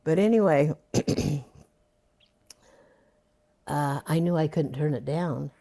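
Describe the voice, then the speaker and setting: A woman's voice: deep voice, takes it slowly, gravelly, mellow. An older woman being interviewed for an oral history, reminiscing in a rambling way with many fillers.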